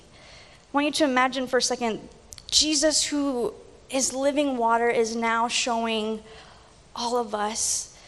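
A woman giving a personal devotional reflection, asking slow, searching questions and letting her voice fall hushed. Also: on the high side. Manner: questioning, slow, hushed toward the end of phrases. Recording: long echo of a large hall.

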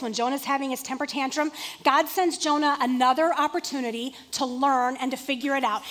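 A woman preacher giving a conversational, animated sermon to a seated congregation in a room. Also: high voice, long reverb tail. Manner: conversational and animated, acting out quotes.

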